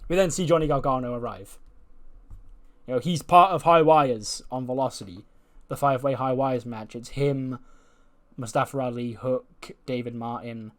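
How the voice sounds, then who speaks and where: A man hosting a wrestling management game series, retelling the storyline and reading out each wrestler's lines in a quick, casual way. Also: mid-range voice. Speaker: let's play host. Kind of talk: narrating and voicing a wrestling sim story.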